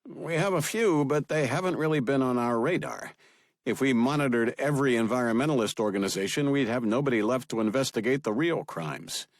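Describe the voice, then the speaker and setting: A man's voice: mid-range voice, animated, fairly quick, dry recording, voice pushed up, natural voice. Man playing a careful formal agency chief, storybook, dry sound. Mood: deferential. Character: adult male FBI director, deferential, briefing.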